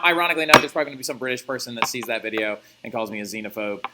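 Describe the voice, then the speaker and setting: A young man teaching a recorded history lesson in a chatty, animated way, with jokey asides. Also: mid-range voice, racing, few pauses, noisy background. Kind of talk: recorded classroom lecture.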